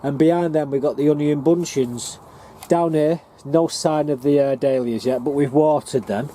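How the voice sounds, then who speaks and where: This northern English allotment gardener and vlogger has a slightly high, warm voice with fairly even intonation and a moderate pace. He talks to the camera he carries while giving a rambling, plain-spoken walking tour of his plot, faint outdoor noise behind him.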